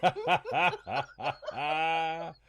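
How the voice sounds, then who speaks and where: Jokey man with a lively voice. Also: a little high, extremely slow. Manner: jokey, acts out silly voices. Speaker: podcast co-host. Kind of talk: casual chat.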